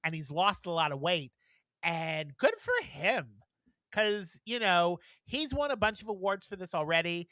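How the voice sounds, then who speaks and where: Outspoken guy swearing a lot on a podcast, bright lively voice, dry sound. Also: sits high, unhurried, dry recording. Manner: blunt and profane, animated. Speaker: podcast co-host. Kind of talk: casual chat.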